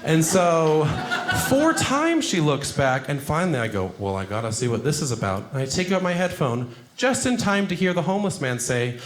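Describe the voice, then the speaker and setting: A young man doing a stand-up comedy set, self-deprecating and animated, jumping into high put-on voices for quotes. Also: moderate pace. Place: comedy club stage before a laughing audience. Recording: roomy club sound, audience laughter.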